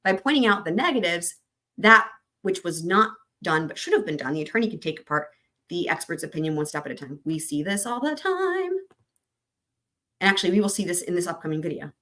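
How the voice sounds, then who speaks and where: A woman's voice: fairly low pitch, expressive, fairly quick, sharp tone. Chatty woman reading legal notes aloud. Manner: reads legal text aloud, then breaks off to chat and answer viewer comments. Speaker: livestream host reading trial commentary. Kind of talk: casual explanatory livestream.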